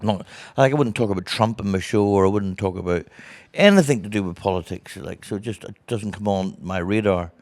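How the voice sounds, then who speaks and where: A man with a Northern Irish accent spins stories in a casual interview, his voice sitting fairly low. He acts out the people in his stories as he goes. The sound is dry and close, with no room around it. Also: a little fast, few pauses, no echo. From Northern Ireland. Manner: animated storyteller who acts out other people's voices. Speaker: guest comedian.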